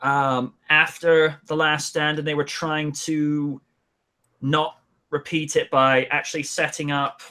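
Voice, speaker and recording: A man talks through a relaxed live-stream chat at an unhurried pace. His voice sits a little high, and he trails off into fillers as he thinks aloud. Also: clean tone. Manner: slow, musing, trails off with fillers. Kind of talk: casual chat.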